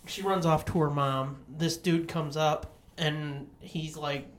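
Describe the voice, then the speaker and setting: A woman's voice: deep voice, steady tone, slow. A woman co-hosting a podcast in casual chat, a profane storyteller who acts out every quote. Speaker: podcast co-host.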